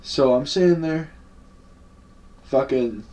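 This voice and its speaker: A man's voice: mid-range voice, slow, darkish tone. A young man telling a casual story-time vlog in a laid-back, slangy and profane way. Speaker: vlogger. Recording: voice a bit far from the mic.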